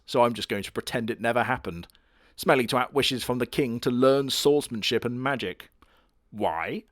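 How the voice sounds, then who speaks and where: Brief: male reviewer, crude deadpan humor, mid-pitched, dry close mic. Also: dry recording. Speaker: anime reviewer. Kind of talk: comedic anime commentary.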